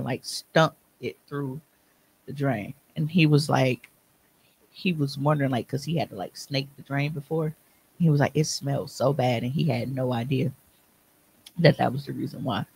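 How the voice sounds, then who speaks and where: A man co-hosting a comedy podcast, telling gross stories and reading posts aloud with animated, crude gusto. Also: a little high, vocal fry, slight background noise, poor audio. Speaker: podcast co-host.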